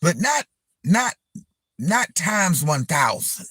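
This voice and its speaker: A man talks straight to his live-stream viewers, drawing out his words slowly and circling back over the same phrases. His voice sits a touch high, and the sound is close and dry with no room echo. He swears freely and keeps calling the audience y'all. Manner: animated, repetitive and profane, addressing viewers as y'all. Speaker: livestream host. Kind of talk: casual live-stream storytelling.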